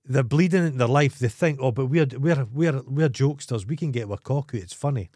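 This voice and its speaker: Bloke ranting and swearing on a podcast, mid pitch, dry close sound. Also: male voice, brisk, a little mellow, no room sound. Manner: ranting, swears freely, restarts sentences. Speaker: podcast co-host. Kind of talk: casual film review chat.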